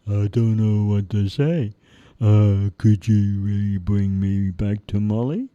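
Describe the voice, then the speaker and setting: A man doing a slow, sad teddy bear. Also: lowish voice, steady tone, warm tone, dry recording, highs cut off. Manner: slow and heavy. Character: lonely, sad little female teddy bear. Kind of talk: storybook reading.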